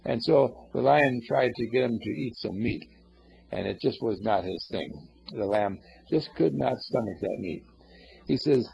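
A man's voice: medium pitch, expressive, unhurried, creaky, darkish tone. A man telling a story aloud in a folksy, meandering way, addressing his listeners. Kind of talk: casual oral storytelling. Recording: dull lo-fi recording.

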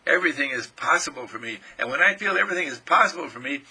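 A raspy, gravelly male minister preaches with a forceful, tense edge. His delivery is animated and lively, swinging up and down in pitch as he acts out a joyful inner voice. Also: quick pace, low-quality recording. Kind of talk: recorded inspirational sermon.

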